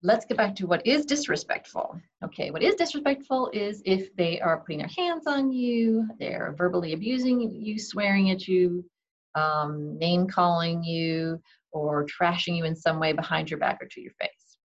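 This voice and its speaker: A woman's voice: fairly low pitch, normal speed. A woman giving casual parenting advice in a conversational way, often saying "okay" and acting out what parents and kids say. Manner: conversational, frequent "okay", acts out parent and kid lines. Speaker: parenting advisor. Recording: dull lo-fi recording.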